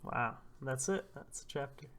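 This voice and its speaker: A man hosting a casual manga read-through, excitable and laughing as he retells the chapter. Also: medium pitch, measured pace.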